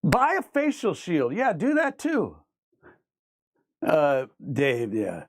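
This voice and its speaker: A man's voice: on the high side, wildly swooping pitch, slow, no echo. Ranting man with dry sound. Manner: emphatic, repetitive, argumentative; reads viewer comments aloud and rebuts them. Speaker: livestream host. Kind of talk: ranting live chat reading.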